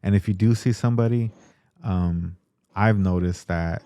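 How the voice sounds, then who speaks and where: A man hosting a podcast, chatting casually in a relaxed way with lots of fillers. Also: low voice, normal speed, clean tone, no echo, studio quality. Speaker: podcast host. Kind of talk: casual chat.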